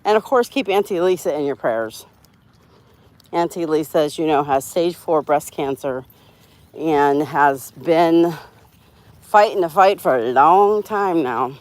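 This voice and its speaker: A woman's voice: deep voice, unhurried, a little mellow. A woman hosts a casual livestream, chatting with viewers and reading their comments. She talks outdoors while walking her dogs, rambling and laughing at her own slips. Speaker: livestream host.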